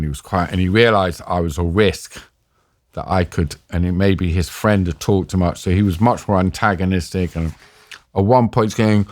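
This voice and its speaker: A middle-aged man with a London accent tells his story in a low voice, intense and halting, restarting his sentences and acting out what others said. The sound is dry and close, with no room around it. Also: no room sound. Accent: London English. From England. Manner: intense, halting, with frequent restarts and quoted exchanges. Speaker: interview guest. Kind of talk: emotional storytelling in a podcast interview.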